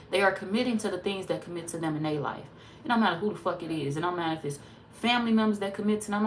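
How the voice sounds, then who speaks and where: A woman's voice: fairly low pitch, slight background noise. Woman tarot reader, blunt and profane, sassy, emphatic casual talk. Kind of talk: casual tarot reading monologue.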